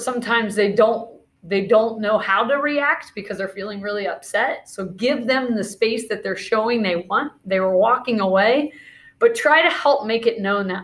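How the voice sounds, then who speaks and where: A woman teacher leading a classroom video lesson, talking through scenarios and calling out movement commands in an encouraging way. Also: mid-range voice.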